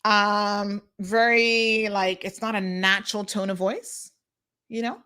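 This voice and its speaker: A woman's voice: medium pitch, flat delivery, slow, bright, forceful tone, smooth. A woman hosting an unscripted live talk show, speaking outspokenly and emphatically as she addresses viewers directly and reads out their comments.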